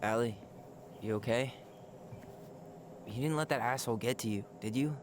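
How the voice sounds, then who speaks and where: A man's voice: medium pitch, moderate pace, noisy background, close to an everyday voice. An actor voicing a protective, hot-tempered young man in a video game, blunt and swearing. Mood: concerned.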